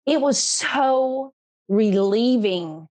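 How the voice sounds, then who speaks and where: A woman's voice: on the high side, expressive, drawn-out words, a little mellow. A middle-aged woman hosting her own podcast, talking earnestly and emphatically, repeating herself for stress and often laughing. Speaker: podcast host. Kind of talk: emotional interview chat.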